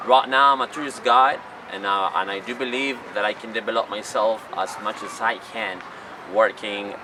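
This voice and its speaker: Speaking in a fairly low, evenly pitched voice at normal speed, a Chilean tourist guide and job applicant chats to camera on a city street. The distant mic picks up loud traffic noise as he rambles in English, a Spanish speaker with non-native phrasing.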